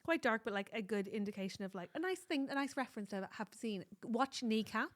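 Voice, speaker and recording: An Irish woman co-hosting a podcast, chatty and animated, handing out advice with the odd swear word. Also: a little high, brisk. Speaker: podcast co-host. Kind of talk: casual chat.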